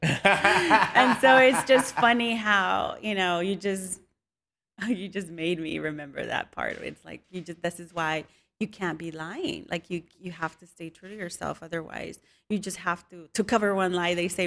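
A woman from a Mexican family talks through her story as an interview guest. She laughs easily and tells animated anecdotes, dropping in Spanish phrases along the way. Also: on the low side, a little slow, gravelly. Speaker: guest, home cook with viral videos. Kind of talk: casual interview chat.

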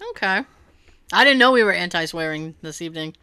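A woman co-hosting a casual podcast chat, animated, laughing often and swearing freely. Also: on the low side, fairly quick, smooth, dry recording. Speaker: podcast co-host.

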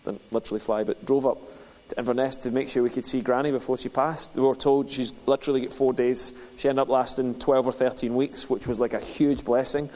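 With a dark tone and a medium pitch, a pastor speaks briskly and with fairly even intonation as he shares a personal story in his sermon. He begins conversationally and works up to passionate preaching, and a long hall reverb trails his words.

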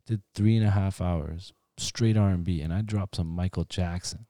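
A man who DJs chats on a podcast with relaxed, offhand remarks. His voice sits very low and the sound is dry and close. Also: moderate pace, dry recording. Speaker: DJ and podcast co-host. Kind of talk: casual chat.

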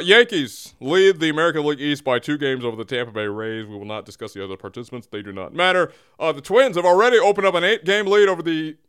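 Male comedy podcast host, animated and clear-voiced, playful mock-serious delivery. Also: a little high.

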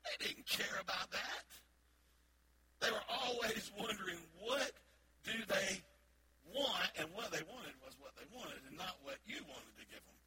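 A middle-aged pastor delivers a sermon in a fairly high voice, telling stories in a playful, animated way. He preaches in a church sanctuary. A loud wash of ambient noise sits behind his voice throughout. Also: unhurried. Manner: playful, animated storytelling with acted-out bits.

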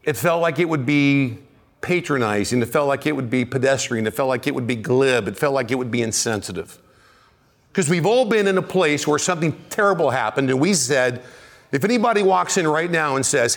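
A middle-aged man preaching a sermon as pastor, telling a story and rising to near shouts when excited. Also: mid-range voice, normal speed.

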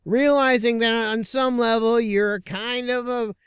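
A man hosting his own podcast from inside a small car, delivering a rambling, sarcastic comedic rant with halting restarts. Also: very high-pitched, fairly even intonation, a bit bright, smooth, dry recording, studio quality. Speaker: podcast host.

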